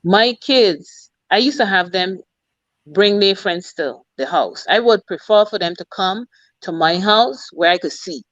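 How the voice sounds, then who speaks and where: A middle-aged woman from the Virgin Islands tells her stories with emphasis, in a clear Virgin Islands accent. She speaks as a guest on a video call interview, and her voice sits at an ordinary pitch for a woman. The audio is dry and a little dull. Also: animated, a little slow, fairly bright tone, no room sound. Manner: emphatic, repeats "you know" and "you understand". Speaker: guest, military officer. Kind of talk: casual interview storytelling.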